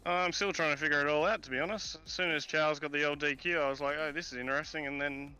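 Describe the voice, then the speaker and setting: A man's voice: on the high side, smooth, faint music behind, poor audio. A man from Australia, a racing driver, talking casually and joking as he is interviewed after a race. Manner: rapid, relaxed, joking.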